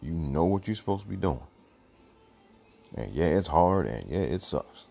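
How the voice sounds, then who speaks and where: A man's voice: sits low, sing-song, moderate pace, gravelly, a little mellow, husky, soft background music. A man hosting his own show, giving blunt, emphatic opinions and often repeating "look" to drive points home, while fighting the hiccups. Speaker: podcast host. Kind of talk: opinionated solo commentary.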